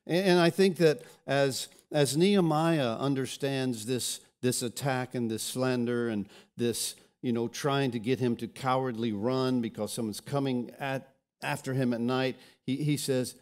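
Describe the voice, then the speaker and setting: A man's voice: mid-range voice, unhurried, darkish tone. A pastor preaching a sermon, often repeating words as he restarts, and telling scripture stories dramatically.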